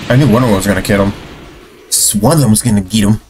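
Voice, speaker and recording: A young man giving live, excitable commentary while playing a fighting game, swearing and venting his frustration on a headset mic. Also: lowish voice, fast. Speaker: gaming streamer. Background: game music.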